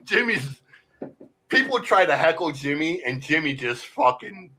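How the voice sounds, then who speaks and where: A man talks in a bright, forward voice, rambling enthusiastically. He leans on slang and swearing in a loose, casual podcast way. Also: fairly high pitch, sing-song, measured pace, husky, rough recording.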